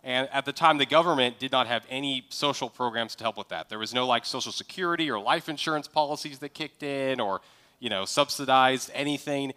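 Bright-voiced man preaching casually. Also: medium pitch, fairly quick, clear, resonant tone. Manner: conversational, acts out sample dialogue. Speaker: pastor. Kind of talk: sermon.

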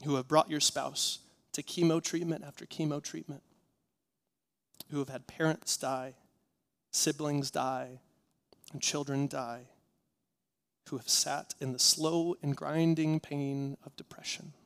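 Impassioned male pastor, somewhat high voice. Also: fairly even intonation, unhurried, vocal fry, pauses often. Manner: earnest, rhythmic repetition, swinging from hushed to impassioned. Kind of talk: sermon.

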